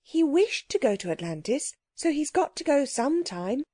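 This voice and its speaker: A woman voicing an older girl who speaks gently and earnestly. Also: high voice, big pitch swings, moderate pace, no echo, clean studio sound, voice pushed up.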